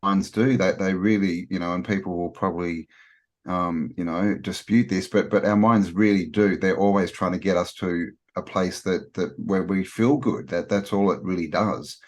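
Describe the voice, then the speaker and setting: Deep-voiced man, halting. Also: steady tone. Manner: halting, many repeated words and restarts. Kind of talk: casual conversational discussion.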